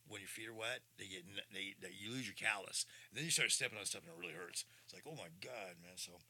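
A man in his sixties hosting a podcast, talking in a casual rambling monologue, excitable and swinging from low mutters to loud bursts. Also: fast. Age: 60s. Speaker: podcast host. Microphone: studio mic through audio interface.

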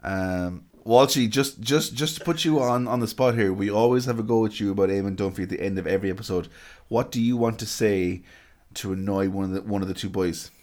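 An Irish man hosting a casual beer podcast in a fairly low voice. He's jokey and keeps the talk moving. Relaxed delivery. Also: brisk. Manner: jokey, wraps up the show. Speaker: podcast host. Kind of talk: casual chat.

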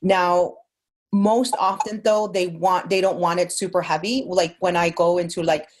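A woman's voice: lowish voice, steady tone, normal speed. A woman from Mexico with a light Mexican accent, a voice actor guest talking earnestly and thankfully, thinking aloud on a podcast roundtable.

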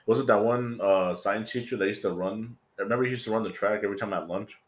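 A man's voice: on the low side, quick pace. A man in casual chat with a friend, asking short questions and reacting briefly. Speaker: friend listening.

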